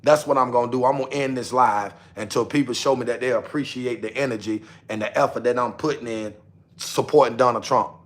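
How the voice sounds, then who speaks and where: A man's voice: medium pitch, fairly even intonation, fairly quick. A young man hosting a casual livestream, repeating himself as he coaxes and scolds his chat. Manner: repetitive, coaxing viewers, talks straight to chat. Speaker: livestream host.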